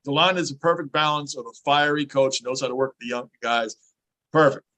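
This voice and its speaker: A man's voice: medium pitch, fairly quick. A man co-hosting a podcast, chatting casually about sports and acting out coaches' quotes. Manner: animated, acts out coaches' quotes. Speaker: podcast co-host.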